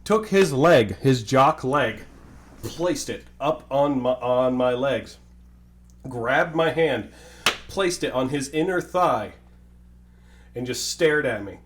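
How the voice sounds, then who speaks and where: A young man in casual chat, telling a story in a deadpan way that breaks into laughter. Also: mid-range voice, slow pace, long pauses.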